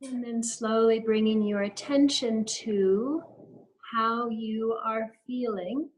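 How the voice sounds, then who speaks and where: Leading a breathing exercise over a webinar video call, a holistic health practitioner offers gentle, stepwise guidance. Her voice leans high, she takes her time, and the audio is poor.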